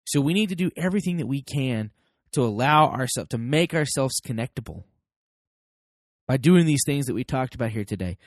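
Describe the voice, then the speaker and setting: Man, American, parenting podcast host, emphatic motivational talk, voices little dialogues, lively swinging pitch, dry close sound. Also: brisk, no room sound. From United States. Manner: animated and emphatic, acts out both sides of little dialogues.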